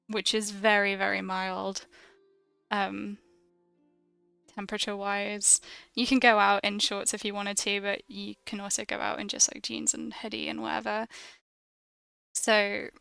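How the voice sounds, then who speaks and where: A woman's voice: mid-range voice, gravelly, a bit bright, clean tone, dry recording. A young British woman from the UK chatting casually and rambling while she draws on a stream, laughing often. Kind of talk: casual chat while drawing.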